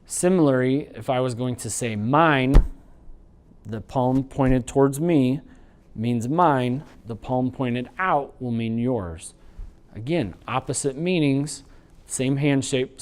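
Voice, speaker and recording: A man teaching a sign language training unit in an instructional lecture, explaining patiently and slowing down to demonstrate. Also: mid-range voice, darkish tone. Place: training video recording.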